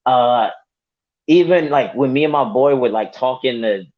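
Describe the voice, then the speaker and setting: Animated fighter man, lo-fi audio. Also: medium pitch, moderate pace. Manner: animated, hypes himself up, laughs often. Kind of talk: casual interview. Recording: dull lo-fi audio.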